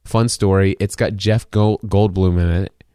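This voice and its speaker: A man's voice: lowish voice, fairly even intonation, a little slow, warm tone, clear, resonant tone, no room sound, studio quality. A man hosting a podcast, talking casually in a rambling way with many restarts. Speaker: podcast host. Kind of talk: casual chat.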